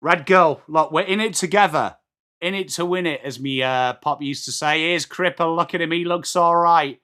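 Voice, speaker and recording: Hosting a live football watchalong, this chatty middle-aged man from England reads viewer messages, addresses fans by name and calls the action as it unfolds. He speaks with an English accent in a fairly high, smooth voice that is bright and forceful, at a moderate pace.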